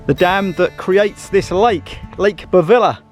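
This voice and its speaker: A man's voice: high voice, a little slow, soft background music. A man walking outdoors on a mountain trail, chatting casually to a handheld camera as he vlogs his trip, a little out of breath. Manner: chatty, thinking aloud while walking. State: slightly out of breath on a hike. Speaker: travel vlogger. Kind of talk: casual travel vlog narration.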